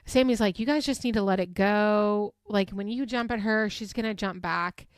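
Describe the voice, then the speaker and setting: Chatty woman in her 30s, dry close sound, storytelling fast with lots of likes. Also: mid-range voice, clear, resonant tone, no echo. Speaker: podcast host. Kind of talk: casual recap chat.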